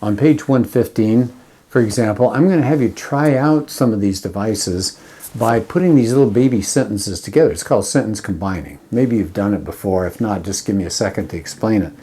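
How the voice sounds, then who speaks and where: A man's voice: lowish voice, a little fast, mellow, husky. A man teaching an English writing lesson in a conversational lecture style, walking through example sentences step by step. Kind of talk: classroom lecture.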